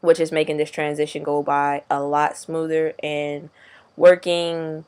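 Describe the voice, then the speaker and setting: A man's voice: fairly high pitch, little pitch movement, a little slow, darkish tone, clean tone. A young man vlogging casually, rambling in slangy, profane talk. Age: young adult. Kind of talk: casual video diary.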